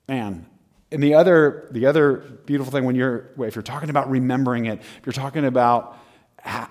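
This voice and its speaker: A male preacher with an ordinary mid-range voice, giving a humorous and conversational sermon. He speaks with energy, often breaks into laughter and pushes his voice up for emphasis. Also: medium pitch.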